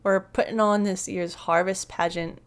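A woman voicing a weary, sardonic young woman who grumbles in a flat, fed-up voice while organizing a town pageant. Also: mid-range voice, moderate pace, smooth, pitched below the performer's own voice, natural voice. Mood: grumbling.

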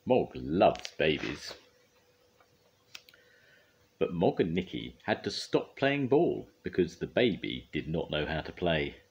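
An older man reading a picture book aloud for his grandchildren, lively and expressive. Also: low-pitched, moderate pace, hardly any pauses, dull audio, slight background noise. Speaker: grandfather storyteller.

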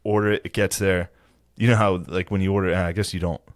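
A man with a low voice telling a rambling, profane story in a relaxed podcast chat. He drops swear words freely and slips into quick put-on voices of other people. The sound is dry and close, with no room echo. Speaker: podcast co-host.

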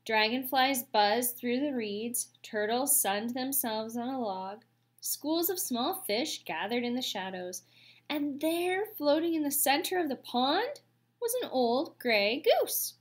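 A woman reading a children's story aloud with expressive, slow storytelling. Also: high-pitched. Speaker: audiobook reader.

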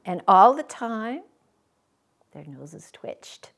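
A woman reading a children's story aloud at a public library, with an expressive, lingering storyteller's delivery. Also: a little high, very slow, vocal fry. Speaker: guest reader.

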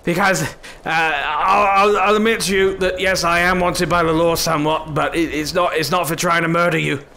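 A man's voice: on the high side, fairly even intonation, moderate pace, vocal fry, pushed and bright, a little hiss or hum. A man giving comedic let's-play commentary, scolding and fussing over an in-game companion in an exasperated way. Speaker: gaming YouTuber.

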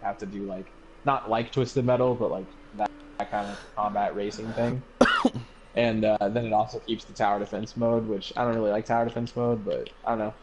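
A man co-hosting a casual gaming chat, laid-back, unhurried and profane. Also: lowish voice, steady tone, a little hiss or hum. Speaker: co-host.

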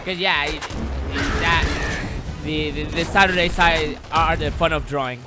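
A man's voice: a little high, fairly even intonation, moderate pace. A man chatting on a live stream while gaming, rambling, stuttering and swearing. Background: game music.

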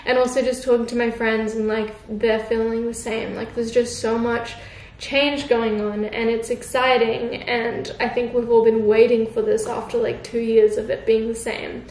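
A young woman talking to camera in a soft, heartfelt, casual way, full of "like" fillers. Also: fairly high pitch, level tone, moderate pace. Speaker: vlogger. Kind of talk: casual reflective chat to camera. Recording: roomy with faint background hiss.

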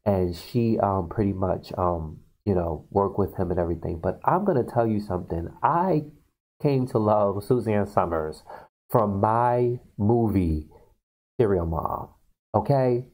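A man casually retelling film scenes to viewers on his video channel, talking in an animated way with many fillers. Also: fairly low pitch, unhurried, low-quality recording. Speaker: video blogger. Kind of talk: casual storytelling.

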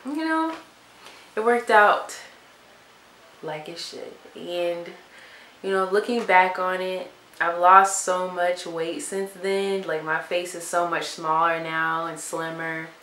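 A young woman vlogger talking softly and from the heart, in a casual chat to camera. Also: fairly low pitch, fairly even intonation, takes it slowly. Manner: soft-spoken and heartfelt. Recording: echoey room with faint hiss.

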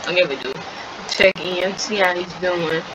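A woman's voice: lowish voice, measured pace, noisy background. A woman casually narrating a life-sim game story in a slangy, chatty way. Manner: slangy, animated, chatty commentary.

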